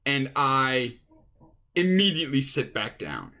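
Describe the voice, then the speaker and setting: Slowly and forcefully, a touring musician with a bright, medium-pitched voice and huge pitch swings rambles through a casual anecdote. He restarts sentences and acts out other people's words as he goes.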